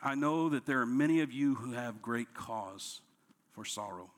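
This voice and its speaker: A man, a pastor, preaching a sermon, dropping to soft, low lines and rising when he acts out quoted complaints. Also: expressive, moderate pace. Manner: preaching with strong swings between soft, low lines and raised, higher quoted outbursts.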